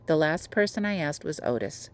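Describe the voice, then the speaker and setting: Low-voiced woman teacher reading aloud. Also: animated, moderate pace. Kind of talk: reading a children's novel aloud.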